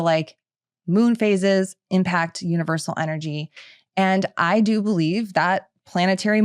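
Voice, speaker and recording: A woman's voice: lowish voice, clean tone, no echo, studio quality. A middle-aged woman hosting a podcast, talking in a chatty, casual way with lots of filler words. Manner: chatty, filler-heavy with frequent "like". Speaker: podcast host.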